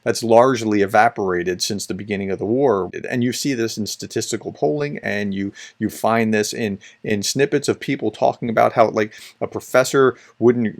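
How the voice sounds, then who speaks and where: Guy with a gravelly voice chatting through clips like a professor, keeps restarting his sentences. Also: fairly low pitch. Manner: conversational, restarts and repeats words. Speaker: professor explaining disinformation. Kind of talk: commentary reacting to clips.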